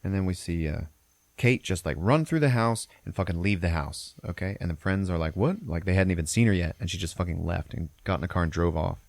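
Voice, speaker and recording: A man's voice: low-pitched, a little fast, creaky, a little mellow, no echo. A man hosting a podcast, retelling a film plot in a loose, profane, rambling way. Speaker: podcast host. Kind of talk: casual film recap.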